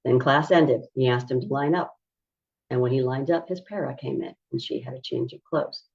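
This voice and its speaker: A woman who coaches parents on autism, explaining behavior strategies in a calm, measured teaching style. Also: very deep voice, gravelly, slightly rough. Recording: dull lo-fi recording.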